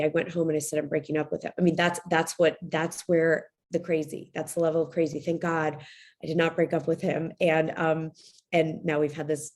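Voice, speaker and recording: Candid woman coach in her 40s, lowish voice w/ lots of vocal fry, talks to writers like a friend. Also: darkish tone. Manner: candid, confiding, effusive. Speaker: writing coach. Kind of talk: motivational talk to writers.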